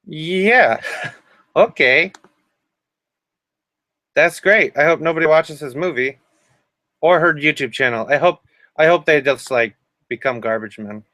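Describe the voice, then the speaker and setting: A man's voice: a little high, slow pace, long pauses, pushed and bright, no echo, studio quality. A man hosting a casual livestream, rambling and meandering, now and then humming a sing-song tune. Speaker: livestream host.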